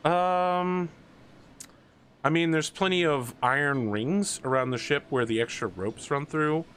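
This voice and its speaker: A man acts as game master in a casual tabletop game, explaining rules and describing actions in quick, halting bursts packed with fillers. His voice is a little high and a bit bright, with slight background noise.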